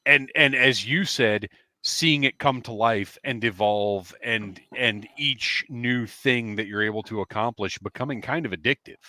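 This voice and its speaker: A man's voice: medium pitch, unhurried, pushed and bright, no echo. A man hosting a podcast, summing up his guest's point in a casual conversation. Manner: summarizing the guest's point as a question. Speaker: podcast host.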